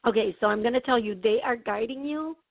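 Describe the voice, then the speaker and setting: Woman psychic radio host, chatty, reassuring, kinda high voice, tinny phone sound. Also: fairly quick, dry recording. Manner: chatty, reassuring, clears throat often. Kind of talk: call-in radio show.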